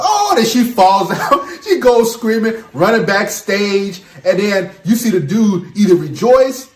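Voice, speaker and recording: Emphatic man giving lively advice. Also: high voice, unhurried, hardly any pauses, roomy sound. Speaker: channel host. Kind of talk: opinion monologue to camera.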